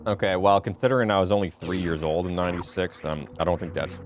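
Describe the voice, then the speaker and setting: A man's voice: low voice, steady tone, fast. A man around thirty, chatting offhand and joking with his viewers while streaming a speedrun. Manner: joking, offhand, answers chat between game moments. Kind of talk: casual live-stream chat. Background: game music.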